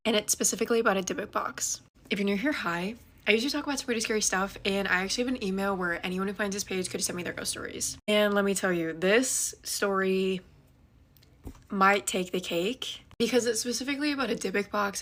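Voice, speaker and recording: A woman telling a scary story to her viewers in a quick, chatty way, with dramatic asides. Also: medium pitch, a bit bright. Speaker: ghost story creator. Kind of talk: casual storytelling to camera.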